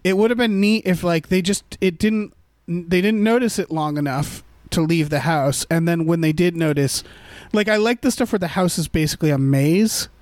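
A man's voice: fairly high pitch, moderate pace, darkish tone, dry recording. A man co-hosting a casual movie-review chat, rambling with fillers and restarts. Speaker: podcast co-host.

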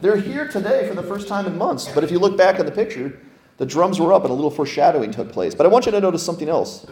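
A man, a lead pastor, preaching a lively, conversational sermon full of rhetorical questions. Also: high-pitched, fast talker, echoey room. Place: church sanctuary.

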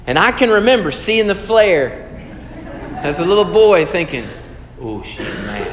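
A man's voice: high voice, slight background noise. A pastor preaching a sermon in an earnest, conversational way, asking his listeners questions. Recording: echoey hall with long reverb.

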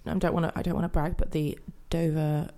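A woman's voice: deep voice, little pitch movement, fast talker, dark tone. A woman improviser chatting jokily on a comedy podcast, with fillers and trailing asides. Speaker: improviser guest.

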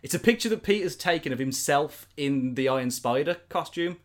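Animated man retelling a plot. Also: a little high, fairly quick. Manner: animated, rambling storyteller with many fillers.

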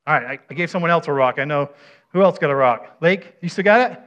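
Talkative pastor man, slightly higher voice. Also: quick pace, a bit bright. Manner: asks the audience questions, often adds "right?". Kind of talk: conversational sermon with a live demonstration. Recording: dull, muffled recording.

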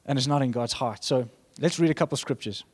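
A man's voice: medium pitch, brisk, slightly rough. A man preaching a sermon in a conversational, rambling way, restarting his sentences and breaking into asides.

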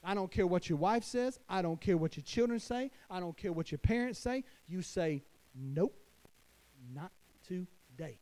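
Man, pastor, church sermon, high-pitched, emphatic, hushed then loud. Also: normal speed, few pauses, smooth.

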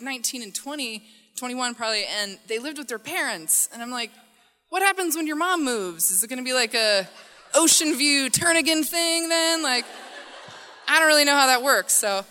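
A woman telling a funny personal story on stage to an audience, animated and self-mocking, acting out the voices in it. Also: on the high side. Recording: hall reverb.

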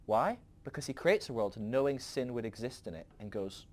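A male podcast host rambles through philosophical ideas, laughing often and restarting his sentences. His pitch leaps around in a lively, expressive way. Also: normal speed, slight background noise. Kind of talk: casual philosophical teaching.

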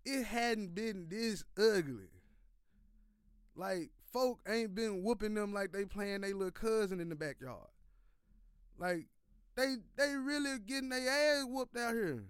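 A man with a fairly high, smooth and clear voice runs through a casual sports rant. He is loose and profane, full of slang, and keeps repeating his points. The sound is close and dry, with no room echo. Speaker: sports podcast host. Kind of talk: casual sports commentary monologue.

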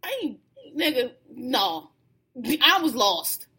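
Animated high-voiced New woman storyteller. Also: slow pace, husky. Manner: animated, laughing, acts out quoted lines. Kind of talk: casual storytelling chat.

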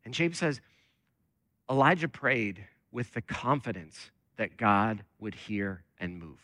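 A man's voice: on the low side, lively intonation, slow, pushed and bright, no echo. A man preaching a conversational sermon as lead pastor, talking with many fillers.

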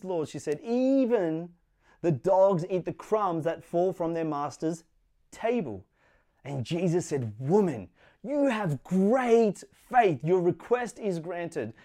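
A man's voice: on the high side, dark tone. A young adult man preaching a sermon in an earnest, conversational way, with playful asides.

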